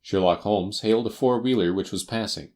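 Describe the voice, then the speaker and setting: A man narrating a classic detective story for an audiobook in a measured, expressive manner. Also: fairly low pitch. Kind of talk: scripted narration.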